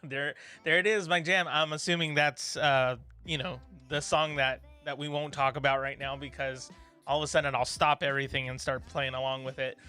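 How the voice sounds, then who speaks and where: A man's voice: fairly high pitch, steady tone, moderate pace, sharp tone, clear, resonant tone, soft background music. A man hosting a study livestream, chatting casually with viewers, rambling and encouraging with plenty of fillers. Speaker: livestream host. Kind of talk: casual chat reading viewer comments.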